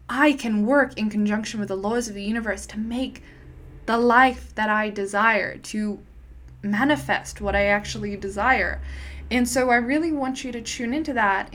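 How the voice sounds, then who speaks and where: A woman's voice: mid-range voice, fairly bright tone. Earnest woman, spiritual teacher. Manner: earnest, encouraging, talks in long loose run-on sentences. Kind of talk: casual monologue to camera.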